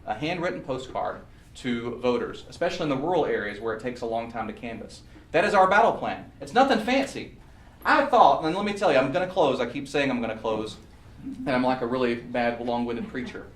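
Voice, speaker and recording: A man's voice: mid-range voice, expressive, a little fast. Earnest man giving a campaign speech. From Southern US. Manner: earnest, pleading, storytelling. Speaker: political candidate. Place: meeting room. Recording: echoey room, mic far off.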